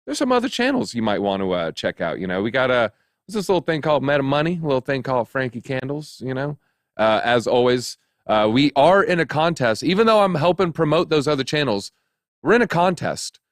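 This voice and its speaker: A man's voice: mid-range voice, sing-song, a little fast, no echo. A man hosts a crypto news show in a loose, joking, rambling way, full of fillers and asides. His voice sits mid-range and sounds dry and close to the mic, with no room around it. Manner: chatty, jokey, rambling with many fillers. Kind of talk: casual chat.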